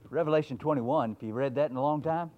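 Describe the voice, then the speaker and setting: A male preacher delivering a sermon in a folksy, emphatic way, reading scripture and talking straight to his listeners. His voice sits at a middle pitch. The recording sounds a bit dull and lo-fi. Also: fast.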